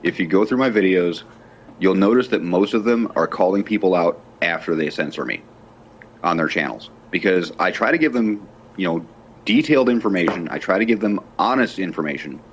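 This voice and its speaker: A man with a very low, deep voice who talks in a careful, analytical manner. His call audio is muffled and lo-fi with a faint hiss behind it. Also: lively intonation. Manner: deliberate and analytical. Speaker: caller on a group call. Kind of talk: casual call chat. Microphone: computer mic on a video call.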